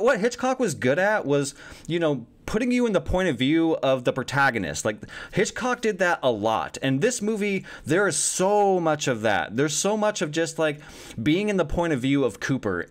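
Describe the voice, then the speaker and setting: Man reviewing a film, lively swinging pitch, slightly higher voice, casual, profane, filler-heavy. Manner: animated, swears freely, many fillers. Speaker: movie reviewer.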